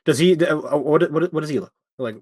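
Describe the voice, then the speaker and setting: A man's voice: fairly high pitch, fairly quick, darkish tone. A man playing in a tabletop role-playing game, playful, often stammering and restarting his sentences. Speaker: player. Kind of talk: casual tabletop role-play chat.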